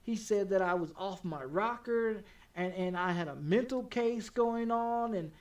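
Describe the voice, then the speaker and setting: A man's voice: high voice, a little slow, far from the mic. A male game streamer casually telling a story, swearing a lot and stammering over repeated words. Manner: profane, heated, stammering repetitions.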